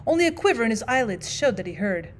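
A woman teacher reading a classic short story aloud as audiobook narration, measured and expressive. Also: a little high, a little hiss or hum.

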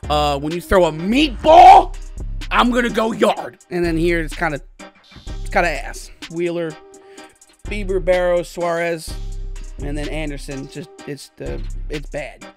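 A man giving excited gameplay commentary as a gaming video host, hyped, cheering and often yelling. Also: a little high, unhurried, soft background music. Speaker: gaming YouTuber.

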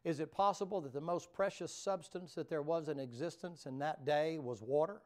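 A man's voice: on the high side, normal speed. A man preaching a revival sermon in a folksy, colloquial storytelling manner, talking directly to the congregation. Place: church sanctuary.

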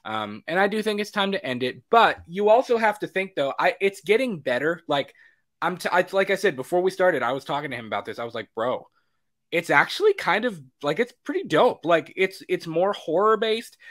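A young man co-hosting a casual chat show, animated, swearing, acting out his own reactions. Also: a little high, moderate pace. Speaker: podcast co-host.

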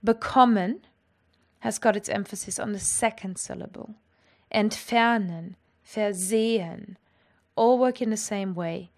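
A woman teaching a language lesson, explaining clearly and with lively energy. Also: medium pitch, fairly quick, hardly any pauses.

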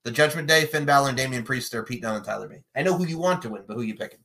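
A man hosting a casual chat, animated and joking, with sudden loud bursts. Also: mid-range voice, racing. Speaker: podcast host predicting wrestling matches.

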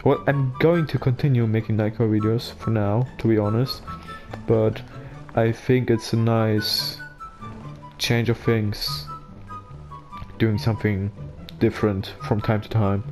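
A man with a German accent giving casual gaming commentary in a flat monotone, joking to himself over a basic microphone. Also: lowish voice, a little slow, pauses often, music in the background. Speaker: gameplay commentator.

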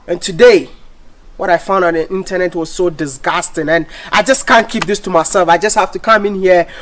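A man's voice: high voice, fairly even intonation, a little fast. A man vlogging to camera in an indignant, repetitive rant, often restarting his sentences. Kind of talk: ranting vlog to camera.

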